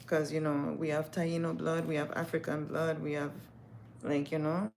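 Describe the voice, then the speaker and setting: A woman's voice: low voice, little pitch movement, normal speed, gravelly, a little mellow, slight background noise. A young woman, telling stories candidly and profanely on a casual livestream. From West Indies. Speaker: livestream host.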